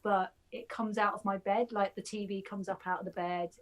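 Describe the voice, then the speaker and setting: A woman's voice: mid-range voice, little pitch movement, moderate pace. A woman hosting a casual podcast chat, telling rambling stories and laughing often. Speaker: podcast host.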